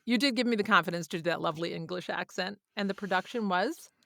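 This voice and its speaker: A woman's voice: medium pitch, quick pace, vocal fry, a bit bright, no echo, clean studio sound. A woman hosting a podcast interview, bubbly and laughing often. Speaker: podcast host.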